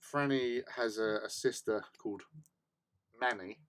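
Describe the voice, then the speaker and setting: A man's voice: lowish voice, unhurried, clean tone. A man hosting a hobby livestream, chatting casually in a rambling, self-mocking way. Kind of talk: casual chat.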